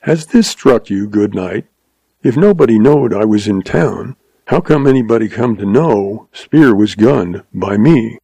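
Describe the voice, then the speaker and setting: A man voicing a tart, wary young male cowboy who talks in a cool, measured way. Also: fairly low pitch, lively intonation, creaky, mellow, breathy edge, dry recording, heavily acted. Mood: probing.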